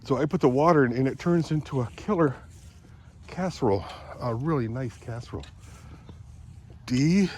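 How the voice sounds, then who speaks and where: An older man vlogging outdoors by the woods on a phone camera, rambling as he thinks aloud, often clearing his throat and a bit out of breath. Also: medium pitch, animated, normal speed, long pauses, darkish tone, slight background noise. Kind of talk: casual morning vlog, thinking aloud outdoors.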